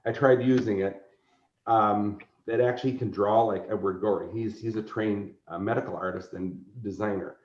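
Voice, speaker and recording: Animated storytelling man, roomy sound. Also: lowish voice, moderate pace. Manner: animated storyteller who acts out characters. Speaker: convention organizer and guest. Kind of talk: casual podcast interview. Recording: roomy, slightly dull recording.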